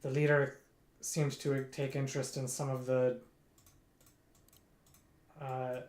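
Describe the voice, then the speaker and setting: A man's voice: mid-range voice, level tone, a little mellow, close to an everyday voice. A man doing a starved prisoner with a Russian accent. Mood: uncertain. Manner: bewildered, halting. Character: weary, starved human male prisoner. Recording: roomy echo.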